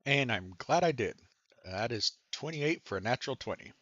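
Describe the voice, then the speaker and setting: A man of middling pitch plays a tabletop game, talking through his moves in an easygoing, casual way. The recording is dull and dry, lo-fi with no room sound. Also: animated, moderate pace, fairly bright tone, no echo. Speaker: player.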